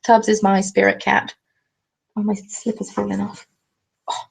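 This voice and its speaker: Chatty southern English woman, gravelly edge. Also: mid-range voice, level tone, measured pace, rough recording. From England. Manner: chatty, jokey, reads viewer comments aloud. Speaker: craft vlogger. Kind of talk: casual live-stream chat. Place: at home, seated. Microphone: webcam.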